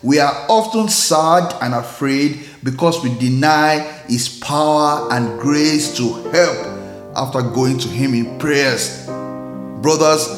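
A man hosting a devotional, telling a story and preaching in a measured, earnest way. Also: mid-range voice, reverberant, faint music behind. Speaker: host and preacher. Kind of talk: devotional sermon.

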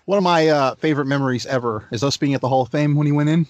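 Quick-talking man with wry asides. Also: a little high, no room sound. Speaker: podcast co-host. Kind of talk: casual chat.

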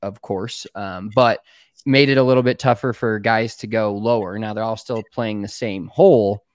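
A man's voice: fairly low pitch, fairly even intonation, moderate pace, dry recording, studio quality. A man co-hosting a golf podcast, talking in rambling casual chat with frequent hesitations. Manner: rambling, hesitant, lots of ums.

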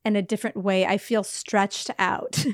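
A woman's voice: mid-range voice, level tone, moderate pace, dry recording, clean studio sound. A woman co-hosting a podcast, chatting playfully and describing how things feel as she talks. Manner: playful, laughs often, describes her own feelings. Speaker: podcast co-host. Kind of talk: casual chat.

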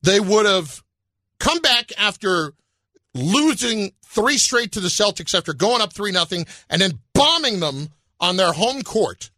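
A man co-hosting a sports talk show, building his case in an animated way. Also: high-pitched, measured pace, no echo, clean studio sound. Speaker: sports radio co-host.

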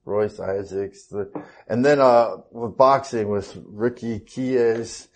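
Man, relaxed, chatty, laughs often, casual interview guest. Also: fairly low pitch, slow pace. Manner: laid-back, laughing, chatty storyteller. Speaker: guest, actor.

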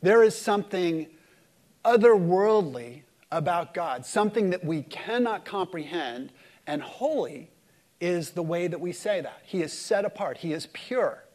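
Man, pastor, sermon, high voice, dramatic loud-to-hushed swings, call-and-response. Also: expressive, unhurried. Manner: leads the congregation in call-and-response.

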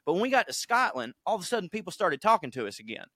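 A Southern man swaps stories in bursts, swearing freely and acting out other people's lines. His voice sits a little high for a man. He is recorded close on a dry mic. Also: big pitch swings, a bit bright, no room sound. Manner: profane, storytelling, quick bursts. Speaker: podcast co-host. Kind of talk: casual chat.

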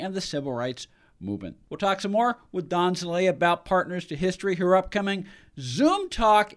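A man hosting a radio show, crisply announcing the guest and reading out contact details. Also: sits high. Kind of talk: broadcast host announcements.

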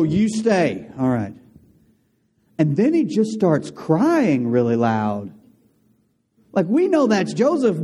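A man preaching a sermon to a congregation, telling a story in a conversational, animated way with asides to the listeners. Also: sits high, slightly rough. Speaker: pastor.

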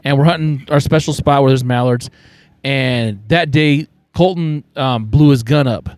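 On a casual podcast, a male guest tells a rambling hunting story and defends his side of it, sounding self-justifying. His voice is medium-pitched and a bit dark in tone, at a normal speed, with no echo.

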